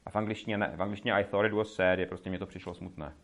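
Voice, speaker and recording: Lively low-voiced male language teacher. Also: rapid-fire. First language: Czech. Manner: lively, explains with example dialogues, switches languages. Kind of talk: classroom teaching. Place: classroom.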